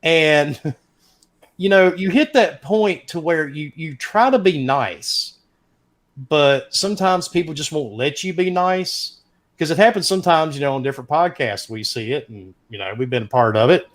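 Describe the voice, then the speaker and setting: A middle-aged man, casually telling a profane, animated story as a podcast host. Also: a little high, moderate pace. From American South.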